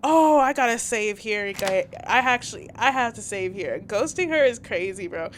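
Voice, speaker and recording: A woman's voice: medium pitch, lively intonation, moderate pace, few pauses, a little hiss or hum. A young woman, a little under the weather, giggling and chatting through a story game and reading choices aloud. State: a little sick. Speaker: game streamer. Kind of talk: casual gameplay commentary.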